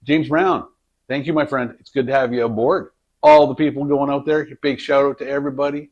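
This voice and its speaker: A man's voice: medium pitch, little pitch movement, quick pace, a little mellow, dull audio. A man hosting a home cooking vlog, chatting in a rambling, jokey way while he works in his kitchen. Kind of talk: casual cooking vlog chat. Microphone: camera on a tripod.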